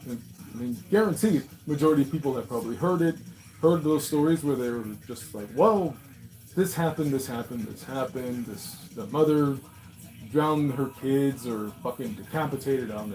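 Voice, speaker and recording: Loud, foul-mouthed man with swinging energy. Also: medium pitch, poor audio. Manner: swears constantly, laughs, jumps from mumbling to loud outbursts. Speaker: host reacting to reddit stories. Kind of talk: casual profane reaction monologue.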